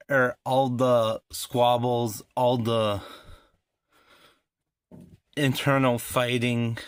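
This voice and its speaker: A man's voice: mid-range voice, a bit bright, no echo, clean studio sound. A man rambling through his opinions on music history in a casual vlog, with lots of fillers and restarts.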